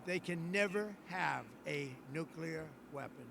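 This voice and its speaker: Man, head of state, formal address, emphatic, repetitive, high voice, faint noise. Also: unhurried, creaky.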